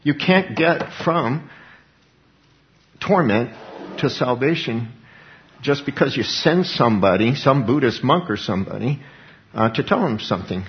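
A man's voice: medium pitch, animated, moderate pace. A man preaching a sermon, emphatic, with rhetorical questions and repeated words. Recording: dull lo-fi recording.

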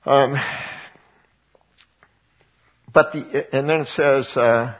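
A man of medium pitch and steady tone delivers a sermon to his congregation at a slightly slow pace. His style is conversational and leans heavily on rhetorical questions. The recording from the church sanctuary is muffled.

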